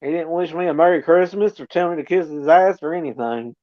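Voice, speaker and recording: Blunt, coarse man, fairly high voice, rambling chat, lo-fi dull sound. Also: brisk. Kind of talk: casual chat.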